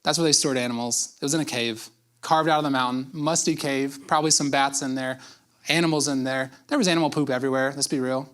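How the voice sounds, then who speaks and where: A man's voice: fairly high pitch, fast talker, a bit bright. A man preaching a conversational sermon as pastor, telling the story casually with jokes and asides.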